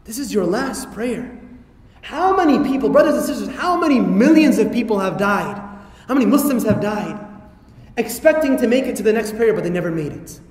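High-voiced, fast-talking male lecturer in a hall. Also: animated, a little mellow. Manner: rhetorical questions and playful asides. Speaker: Islamic lecturer. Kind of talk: lively religious talk to an audience. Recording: echoey hall reverb.

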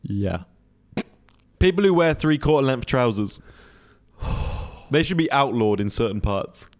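A man's voice: medium pitch, animated, a little slow. A man co-hosting a podcast in casual chat, playful and teasing, laughing often. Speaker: podcast co-host.

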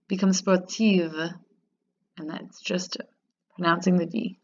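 A woman teaching a grammar lesson in a lower-pitched voice. She stays upbeat and patient, slowing down to repeat words. The recording sounds dull and lo-fi. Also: creaky. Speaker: French teacher.

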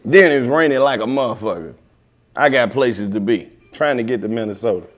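A man hosts a comedy talk show in a living room set, his voice sitting at an ordinary middle pitch. He tells road stories in brash, loose banter and curses freely. He stretches words out slowly for punch. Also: expressive. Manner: brash storytelling, heavy cursing, drawn-out emphasis. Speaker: comedian host. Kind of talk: casual profane banter.

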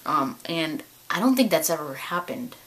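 A woman in her late twenties chatting to camera in a vlog, telling stories with lots of excitement, repeated words and laughter. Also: low voice, normal speed, low-quality recording. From California. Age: 20s. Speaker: vlogger. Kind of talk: casual chat to camera.

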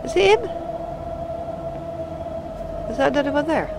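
A woman giving gameplay commentary, muttering to herself and swearing, excitable. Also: sits high, a little slow, gravelly, heavy background noise. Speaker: let's play gamer.

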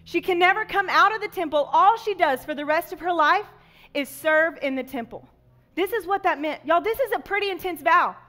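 A woman children's pastor giving an animated sermon to kids, telling a Bible story and talking straight to the children. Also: sits high.

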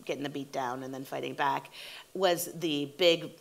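A woman in her forties talks as a guest in an onstage interview, with a low voice. She tells stories in a lively way and acts out what people said in her writers' room. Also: normal speed, vocal fry. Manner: animated storytelling, acting out quotes. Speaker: TV showrunner and guest.

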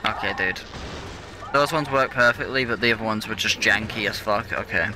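Swearing and ranting at the controls, a young man commentates his gameplay in the frustrated style of a let's play gamer. He speaks briskly in a lowish voice against background noise.

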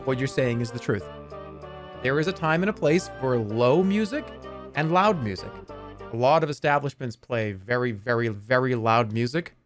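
A man streaming from his room at home, chatting casually in a joking, excitable way with sudden loud outbursts. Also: medium pitch, normal speed, soft background music. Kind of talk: casual live-stream chat.

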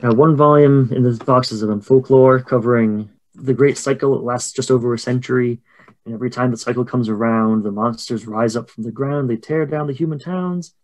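A man narrating a tabletop horror game as game master, in a measured, descriptive way. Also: mid-range voice, fairly even intonation.

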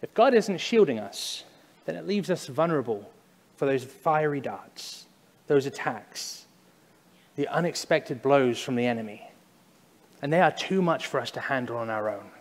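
A man preaching a sermon in a church, speaking conversationally, at times acting out loud cries and then dropping to a hushed, slow emphasis. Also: medium pitch, lively intonation. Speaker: pastor. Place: church sanctuary. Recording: long church reverb.

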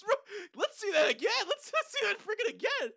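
A young gaming channel host reacting to a movie trailer, hyper and loud, shouting and laughing. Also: very high-pitched, wildly swooping pitch, a little fast, creaky, no echo. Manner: hyper, shouts and laughs, lots of "bro" and "oh my gosh".

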